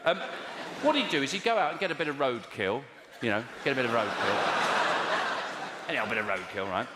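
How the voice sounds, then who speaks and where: A man doing stand-up comedy, telling rambling, deadpan stories and bantering with the crowd in a live venue. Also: mid-range voice, a little fast, very noisy. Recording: echoey live venue, loud audience.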